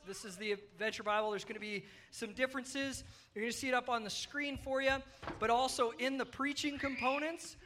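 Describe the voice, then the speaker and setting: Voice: medium pitch, sharp tone. A children's pastor giving a playful, upbeat children's sermon at a church service, coaxing the kids along while also addressing the adults.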